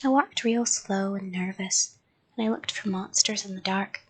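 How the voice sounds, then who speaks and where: A woman reading a children's story aloud in a soft, half-whispered bedtime voice. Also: medium pitch, moderate pace, slightly rough.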